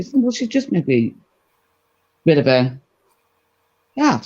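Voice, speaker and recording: A woman telling a gossipy anecdote in a casual chat, animated and full of asides. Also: a bass voice, moderate pace, pauses often, slightly rough. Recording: dull lo-fi recording.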